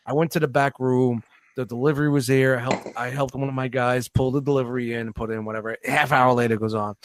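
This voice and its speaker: A man's voice: medium pitch, fast, no echo. A man on a podcast, telling a story in casual chat, swearing often and acting out the lines of the people in it. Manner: profane, animated, acts out quotes. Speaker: podcast co-host.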